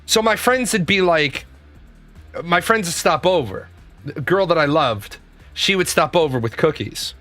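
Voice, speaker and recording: A man's voice: on the high side, animated, measured pace, sharp tone, faint music behind. A man giving a blunt, profane, rambling comedic monologue from his office. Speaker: comedic commentator.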